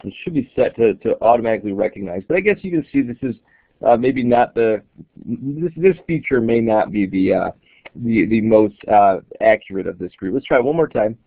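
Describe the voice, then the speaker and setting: A gravelly, lowish male voice, animated and fairly quick, guides viewers through an app in a casual screen-recorded tutorial. The app reviewer explains and thinks aloud as he demonstrates, with no echo and tinny, dry, phone-like sound.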